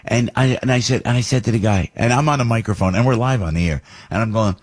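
An older man hosting a radio talk show, rambling with many restarts and repeated words, getting animated as he talks. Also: mid-range voice, fast talker, few pauses, breathy edge. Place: radio studio.

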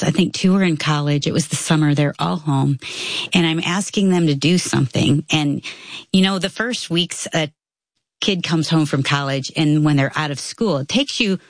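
A woman's voice: low-pitched, gravelly, no room sound. A woman in her fifties, co-hosting a casual conversation and telling stories, acting out what people said. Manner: storytelling, animated quoting.

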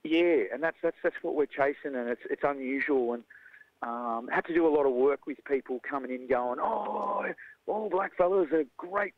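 An Australian man who coaches jiu-jitsu, talking in a lively, casual way and acting out the voices of people in his stories. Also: medium pitch, fairly quick, no room sound, phone-quality sound. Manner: animated storyteller, acts out quoted voices. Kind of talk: casual conversation.

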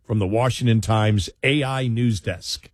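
A man's voice: on the low side, unhurried, dry recording, clean studio sound. A man hosting a talk radio show, chatting casually and rambling with frequent restarts and fillers.

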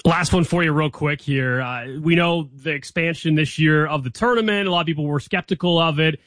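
A man hosting a casual sports interview, asking his guest quick questions in a relaxed way. His voice sits a little high. The recording is dry and close. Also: no echo. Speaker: interview host.

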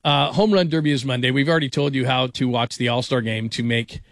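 A middle-aged man hosting a sports talk show, chatting casually and telling animated stories. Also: medium pitch, quick pace, no room sound, studio quality.

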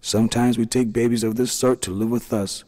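A man's voice: mid-range voice, little pitch movement, fairly quick, natural voice. A man voicing a kind, soothing leader of the little people, a small middle-aged man. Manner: gentle, soothing.

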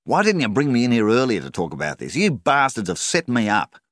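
A man's voice: medium pitch, very animated, fairly quick, no echo, studio quality, pitched above the performer's own voice. A man voicing a stubborn male wheat farmer in debt who talks defiantly and angrily. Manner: defiant, yelling, seething.

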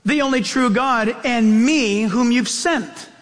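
A pastor preaching a sermon in an emphatic, conversational way, with self-deprecating asides. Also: male voice, very high-pitched, slow, a bit bright, in a large hall.

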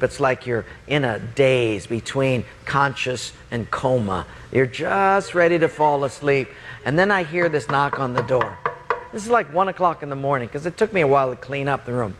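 A man preaching, telling a personal story in an animated way, laughing and jumping up in pitch. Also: slight background noise. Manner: animated, laughing, pitch jumps high in the funny parts. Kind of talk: storytelling sermon.

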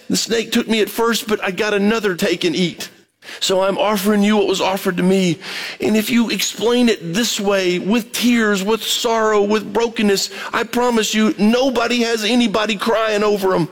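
Male preacher, radio sermon, high voice, impassioned, urgent pleading, emphatic low asides.

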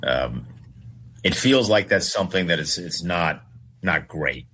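A man with a very deep voice, talking slowly through his answer before sliding into a rambling anecdote. His tone is laid-back and conversational. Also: lively intonation, pushed and bright, slightly rough. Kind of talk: casual storytelling.

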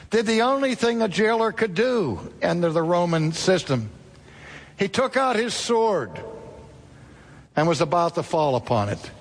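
A man preaching a sermon, telling a story dramatically with sudden rises and drops in pitch. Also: creaky, long reverb tail.

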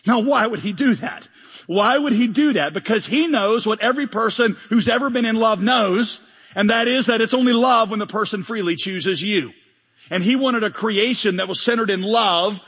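A man preaching a sermon as pastor, animated and joking, often acting out mock prayers in a large church hall. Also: high-pitched, slightly rough. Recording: long hall reverb.

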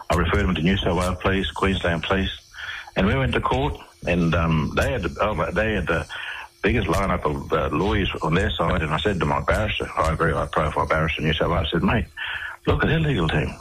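Deep-voiced Australian man telling his story. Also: a bit bright, a little hiss or hum, poor audio. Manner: rambling, with many restarts and repeated words. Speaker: interview guest. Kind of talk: casual radio interview storytelling.

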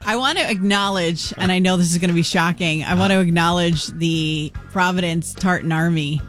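A man hosting a morning radio show, chatting casually and warmly about listener texts and local events. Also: high voice, normal speed, soft background music. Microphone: studio microphone.

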